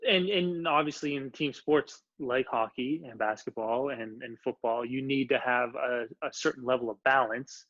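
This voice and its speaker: A man's voice: mid-range voice, moderate pace, hardly any pauses, fairly bright tone, no room sound. Male host, reflective, agreeable, dry close sound, a bit dull. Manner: reflective, agreeing, repeats words as he starts. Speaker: podcast host. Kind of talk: casual interview chat.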